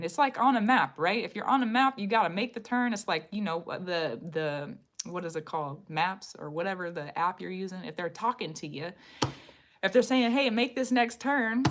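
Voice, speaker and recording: A woman hosting a live-streamed card reading. She muses aloud, repeats her phrases and speaks directly to her viewers, sometimes dropping to a soft whisper. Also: mid-range voice, background noise. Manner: repetitive, musing, talks to viewers directly.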